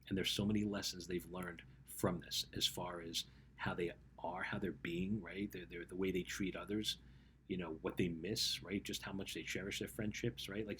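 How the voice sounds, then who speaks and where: Guy coaching teens, lowish voice, chatty motivational talk, keeps going "right?", faint hum in the back. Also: fairly bright tone. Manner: conversational, keeps asking "right?".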